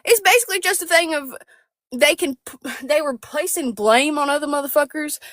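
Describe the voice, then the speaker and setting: A woman's voice: high voice, moderate pace, fairly bright tone, no room sound, studio quality. A woman co-hosting a casual commentary chat, ranting profanely and animatedly.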